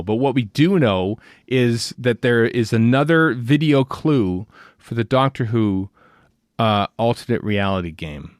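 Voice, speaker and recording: A man's voice: mid-range voice, lively intonation, measured pace, no echo, clean studio sound. A man hosting a podcast in casual chat, talking in a rambling way with many restarts and fillers. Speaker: podcast host.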